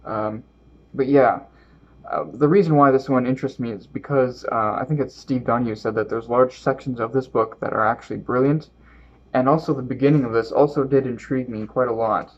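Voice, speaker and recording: A man with a Canadian accent talks casually about books he might read next, pausing and restarting often in a thoughtful, halting way. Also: medium pitch, fairly even intonation, dull audio. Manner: thoughtful, halting, trips over words and restarts. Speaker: book vlogger. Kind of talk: reading aloud and casual book talk.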